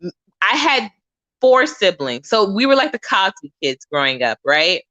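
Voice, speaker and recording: A woman's voice: medium pitch, big pitch swings, moderate pace, sharp tone, dry recording, muffled recording. A woman hosting a casual livestream chat, talking freely and repeating phrases as she goes. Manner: chatty, repeats phrases, says y'all. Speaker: livestream host.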